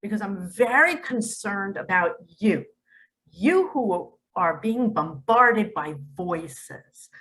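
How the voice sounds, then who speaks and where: Slow, bright-voiced woman preaching. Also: on the high side, poor audio. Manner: slow, emphatic, with sudden loud and hushed turns. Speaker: spiritual speaker. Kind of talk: religious monologue to camera.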